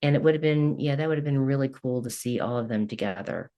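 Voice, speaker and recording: Low-voiced chatty woman from Kentucky. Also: fast, mellow, muffled recording. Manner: chatty, rambling, laughs often. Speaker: guest coach. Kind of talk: casual interview chat.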